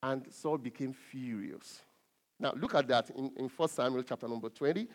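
Emphatic man preaching a sermon. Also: mid-range voice. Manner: emphatic, drawn-out stresses with frequent fillers and restarts.

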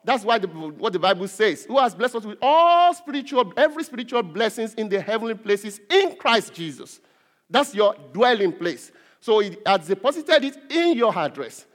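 A man preaching a sermon with a high voice that swoops up and down with energy. He presses hard on key words and repeats them for emphasis. His voice rings out with a long reverb in a large hall. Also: sing-song, normal speed. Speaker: pastor.

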